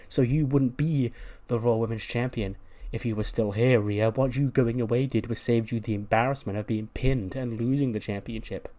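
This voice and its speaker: A man's voice: mid-range voice, a little mellow, lightly acted. Guy doing a fiery swearing lady wrestling champ, barely changes his normal voice. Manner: trash-talking, swearing. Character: brash female wrestling champion, cocky and fiery.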